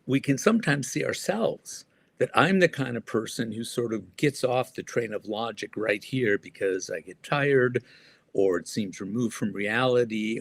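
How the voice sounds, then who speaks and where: Man, author guest in an interview, thoughtful, halting, pausing a lot, dry sound, middle pitch. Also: no room sound. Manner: thoughtful, halting, with frequent pauses. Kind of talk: interview answers.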